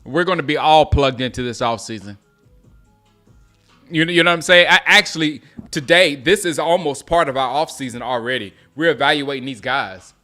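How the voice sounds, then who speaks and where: Man, from South Carolina, bright forceful voice, fairly high, casual game-watching chat, faint music behind. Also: normal speed. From Gaffney, South Carolina. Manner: chatty, reacts excitedly to plays, reads viewer comments aloud. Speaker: sports livestream host.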